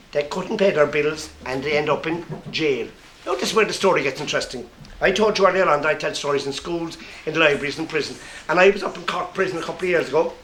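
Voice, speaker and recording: A man with an Irish accent telling a comic story live to an audience, lively and playful. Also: on the high side. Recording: echoey room with faint noise.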